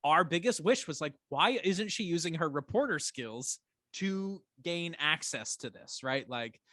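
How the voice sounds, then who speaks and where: A man's voice: on the high side, unhurried, no echo. A man co-hosting a casual rewatch podcast, ranting with energy and swearing often. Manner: animated ranting, swears a lot. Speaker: podcast co-host.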